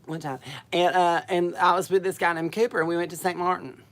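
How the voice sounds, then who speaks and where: A woman's voice: on the low side, level tone, a little fast. A woman hosting a chatty livestream monologue from home, rambling and folksy, with bawdy asides. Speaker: livestream host.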